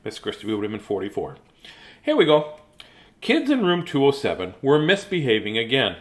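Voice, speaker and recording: Lively, chatty man in his fifties. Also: mid-range voice, moderate pace. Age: 50s. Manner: chatty, jokey, digressive. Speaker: children's book reader. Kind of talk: casual live read-aloud.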